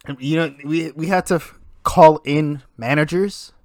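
A man co-hosting a podcast, chatting casually in a profane, animated way and telling stories. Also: on the high side, measured pace, no echo, studio quality. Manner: profane, animated storytelling with laughs. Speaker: podcast co-host. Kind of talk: casual chat.

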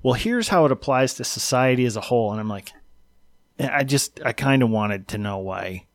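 A man's voice: medium pitch, expressive, normal speed, no room sound. A man in casual chat, easygoing and laughing as he talks. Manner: easygoing, laughing, retelling jokes.

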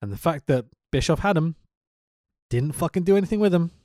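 A man co-hosting a casual podcast chat, animated and quick to laugh, swearing freely as he talks. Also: fairly high pitch, no room sound, clean studio sound. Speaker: podcast co-host.

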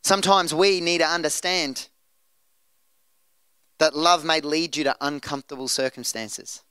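A male pastor preaching a sermon in church, animated and acting out scenes. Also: fairly high pitch, unhurried, clean tone, no echo. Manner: animated, acts out scenes in voices.

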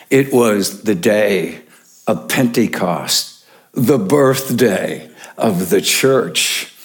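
An older man, a pastor preaching a sermon, telling jokes and chuckling as he goes. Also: medium pitch. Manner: slow, jokey storytelling with chuckles.

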